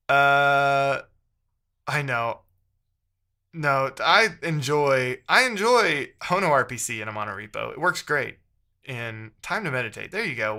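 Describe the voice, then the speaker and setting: A man talks through a live coding stream in an exasperated, half-muttered way, reading viewers' messages aloud as he works. His voice has a bright, sharp edge and sits at an ordinary pitch.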